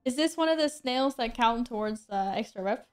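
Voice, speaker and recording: A woman talks casually through a game stream, answering viewers and poking fun at herself. Her voice sits a little high, and she laughs easily between remarks. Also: lively intonation, moderate pace, clean tone. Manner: chatty, self-mocking, laughs often. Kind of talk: casual gameplay stream chat.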